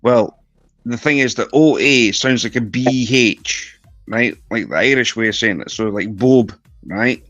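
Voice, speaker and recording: A man's voice: medium pitch, measured pace, fairly bright tone, dry recording, lo-fi sound, soft background music. A Scottish man from the northeast of Scotland chatting as a guest on a live stream, rambling with lots of restarts. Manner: rambling, repeats himself, many restarts. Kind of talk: casual chat on a live stream.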